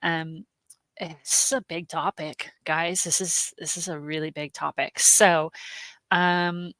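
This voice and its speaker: A woman hosting a live stream, chatting warmly and greeting viewers by name, with many "um"s, emotional and close to tears. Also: low-pitched, flat delivery, slow pace, dry recording. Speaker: host, genealogy research specialist.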